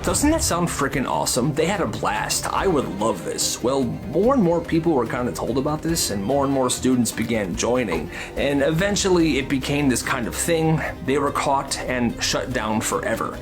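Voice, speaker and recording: A man narrating comedic school stories in a casual, animated way, slipping into character voices. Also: mid-range voice, moderate pace, few pauses. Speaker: storyteller. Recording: music playing behind.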